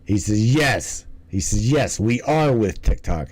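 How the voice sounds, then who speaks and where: A man's voice: fairly low pitch, animated, measured pace, background noise. A man hosting a livestream in casual commentary, rambling and swearing, often stumbling and restarting his words. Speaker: livestream host.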